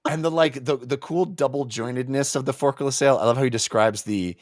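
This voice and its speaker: A man co-hosting a casual book-club podcast, talking eagerly and halting often with fillers. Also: medium pitch, dry recording, studio quality. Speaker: podcast co-host.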